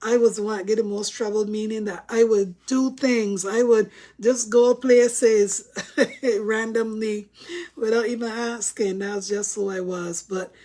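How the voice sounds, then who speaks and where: A woman's voice: mid-range voice, steady tone, unhurried, mellow. A woman telling stories to her viewers in a casual, chatty way, laughing often. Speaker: vlogger. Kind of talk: casual storytelling to camera.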